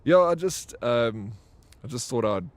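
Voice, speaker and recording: A man's voice: mid-range voice, expressive, unhurried. A man streaming a video game live, chatting casually with viewers and telling rambling stories full of fillers and restarts. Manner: reads out and answers chat messages. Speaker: livestreamer. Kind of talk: casual live gameplay chat.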